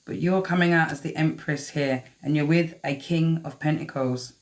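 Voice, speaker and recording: A woman's voice: sits low, steady tone, moderate pace. Swearing woman reading tarot. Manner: chatty, swears freely, talks to the cards. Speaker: tarot reader. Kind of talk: live-stream tarot reading.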